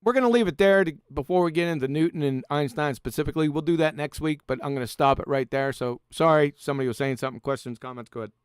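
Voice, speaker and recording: Sarcastic high-voiced man. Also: fast, few pauses, smooth, no room sound, studio quality. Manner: mocking, sarcastic, laughs often. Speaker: host. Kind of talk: live stream talk.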